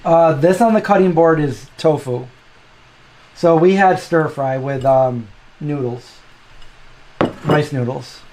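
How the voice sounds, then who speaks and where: A man's voice: a little high, slow pace, long pauses, a little mellow, low-quality recording. A man hosting a casual cooking show, chatting loosely and thinking aloud with frequent restarts. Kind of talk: casual chat.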